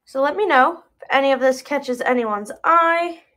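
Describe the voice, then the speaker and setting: A young woman in her twenties runs a live online sale in a relaxed, chatty way. Her voice sits a little high, and she pokes fun at her own mix-ups as she goes. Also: normal speed. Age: 20s. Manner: chatty and self-deprecating, laughs at own slips. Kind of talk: casual live-sale chat.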